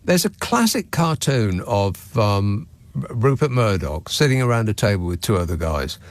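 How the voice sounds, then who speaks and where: A man's voice: fairly low pitch, sing-song, moderate pace, no room sound. A man with a British accent hosting a phone-in radio show, talking in a wry, sardonic way from a studio mic. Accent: British English. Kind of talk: late-night call-in radio chat. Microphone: studio microphone.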